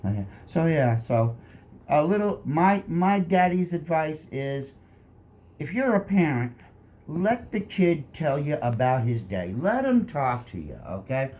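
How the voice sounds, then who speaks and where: A man telling a comic personal story with animated delivery, often tacking "like that" onto his lines. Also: a little high, a little slow. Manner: animated, full of "like that" asides.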